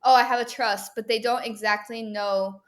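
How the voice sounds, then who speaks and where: A woman's voice: fairly high pitch, fairly even intonation, moderate pace. A woman hosting a podcast interview, asking loosely phrased questions in a casual way. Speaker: podcast host.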